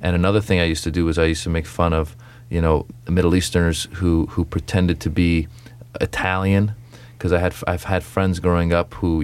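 A young adult comedian, appearing as a guest in a radio interview, tells animated stories and acts out his stand-up jokes. His voice sits low, clear and resonant.

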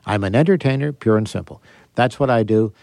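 Animated storytelling man, dry studio sound. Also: mid-range voice, fairly quick, gravelly, no room sound. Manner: animated, theatrical storyteller acting out quotes. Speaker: guest, magician and escape artist. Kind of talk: interview, storytelling.

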